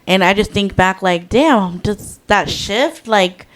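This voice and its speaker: A woman's voice: medium pitch, lively intonation, takes it slowly. A young woman co-hosting a casual podcast, telling stories reflectively with lots of "like" fillers. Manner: reflective storyteller, frequent "like" fillers. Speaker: podcast co-host.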